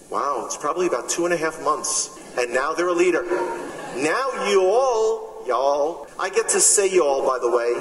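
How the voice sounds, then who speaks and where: A man with a Bronx New York accent delivers an emphatic speech with rhetorical questions and wry asides. His voice sits fairly high and rings through a reverberant hall, picked up from some distance with a faint ambient hiss. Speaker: speaker at a gathering. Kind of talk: impassioned religious speech. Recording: echoey hall, speaker far from mic.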